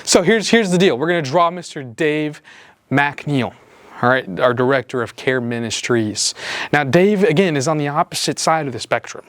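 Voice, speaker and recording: A man's voice: a little high, lively intonation, moderate pace, fairly bright tone, no room sound. A man hosting a drawing lesson, talking through each step as he sketches and teasing in a playful, joking way. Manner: joking, talks while drawing, voice jumps up when teasing. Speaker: drawing show host.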